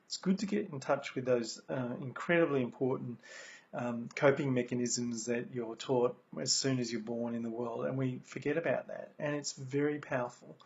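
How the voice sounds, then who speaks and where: Australian man, motivational speaker, gravelly, earnest and repetitive, muffled lo-fi sound. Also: medium pitch, fairly even intonation, moderate pace, a little mellow. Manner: earnest, repeats key phrases, many ums. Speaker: speaker sharing recovery lessons. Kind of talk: motivational talk. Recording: dull lo-fi recording.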